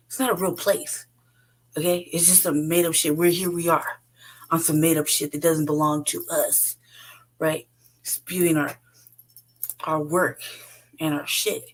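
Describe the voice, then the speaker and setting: Lowish and a bit breathy, this woman's voice comes through a low-quality recording. She's a podcast host in her 40s delivering an unscripted, blunt, profane rant on her own show, frequently laughing.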